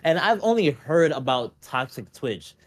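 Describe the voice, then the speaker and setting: A man, a streamer guest on a casual podcast, talking in an animated, rambling way and often saying "you know what I mean". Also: a little high, unhurried.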